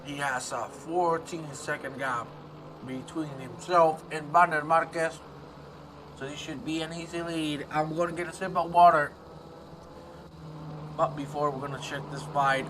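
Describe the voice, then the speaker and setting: A man doing live commentary on a sim race, excitable and swinging from quiet asides to loud outbursts. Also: on the high side, unhurried, distant mic, slight background noise.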